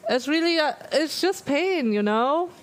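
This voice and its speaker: A woman streamer chats casually on a live stream in a high voice with lively intonation and a measured pace. Spicy food has left her mouth burning and aching, so her pained words come out slurred. The audio is poor.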